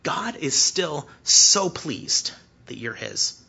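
Male pastor preaching, bright voice, husky edge, dull lo-fi recording. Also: a little high. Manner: animated, rising to near-shouting emphasis; hushed, slow prayer voice. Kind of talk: sermon.

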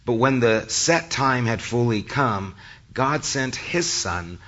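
A male pastor preaching a sermon, his voice a little hoarse from a cold, speaking conversationally to the congregation. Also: mid-range voice, lively intonation, slow, a bit bright, highs cut off. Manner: conversational, addresses the congregation directly.

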